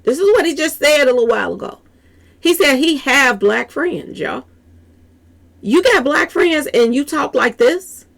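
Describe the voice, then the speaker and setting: Woman, reaction commentary host, lively swooping pitch, gravelly edge. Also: unhurried. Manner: animated, repeats "y'all" often, talks straight to viewers.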